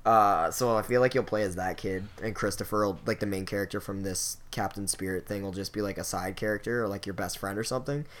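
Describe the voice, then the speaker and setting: A young man with a slightly low voice hosts a casual podcast chat. He rambles through a story, swears freely and pads his sentences with filler words. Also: quick pace, hardly any pauses, a bit bright. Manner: loose, profane, filler-heavy storytelling. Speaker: podcast host.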